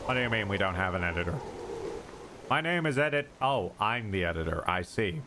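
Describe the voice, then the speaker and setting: Sarcastic man streaming a game, lively pitch. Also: fairly quick, background noise. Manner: sarcastic, jokey self-talk. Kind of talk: casual live-stream commentary.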